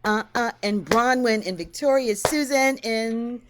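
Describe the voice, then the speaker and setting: A woman hosts a livestream from home, greeting her viewers one by one with bursts of delight. Her voice sits a little high and she takes her time. Faint noise runs under the video call. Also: unhurried. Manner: effusive, exclamatory greetings. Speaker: host.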